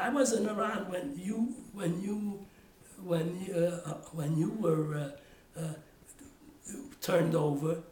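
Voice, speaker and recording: This older man, a father recounting family stories for an oral history interview, rambles and keeps restarting sentences. He has a high voice with a darkish tone, and the roomy recording carries slight background noise.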